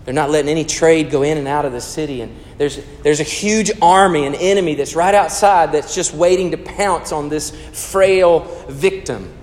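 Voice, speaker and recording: A man with a high, bright-pitched voice delivers a sermon in a church, his words ringing with a long hall reverb. He swings from loud emphasis down to hushed, intimate storytelling. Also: moderate pace, hardly any pauses. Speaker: pastor.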